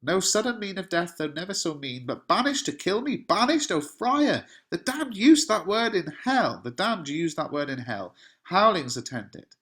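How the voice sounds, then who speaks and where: A man reads out a despairing young lover from a stage play, pushed up high and loud. The lines come in passionate, exclaiming bursts. It is a dramatic reading of verse. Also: very animated, normal speed. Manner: impassioned exclamations. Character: young lovesick male hero, melodramatic, despairing.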